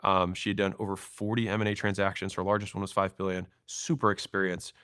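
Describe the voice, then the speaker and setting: A man in his thirties, a podcast guest, telling stories and acting out quoted lines in an animated way. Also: low voice, quick pace, clear, resonant tone, dry recording, clean studio sound. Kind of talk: storytelling interview talk.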